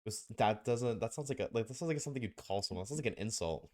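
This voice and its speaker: A man's voice: fairly low pitch, lively intonation, quick pace. A man streaming live, chatting casually and joking with his viewers, often laughing.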